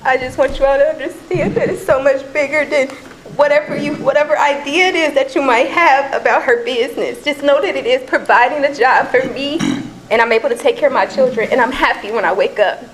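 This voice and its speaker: A woman's voice: sits high, a little fast, rough recording. A woman from Cincinnati giving an emotional, nervous public comment at a council meeting, earnest and pleading. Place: council chamber.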